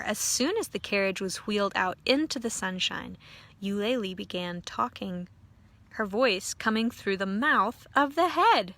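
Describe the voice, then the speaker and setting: A woman pastor reading a storybook aloud to children, with gentle asides to a child. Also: medium pitch, lively intonation, unhurried.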